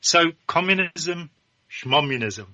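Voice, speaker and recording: A man's voice: on the high side, animated, slow pace, pushed and bright, dry recording. A man talking as a guest in a political discussion, emphatic and opinionated.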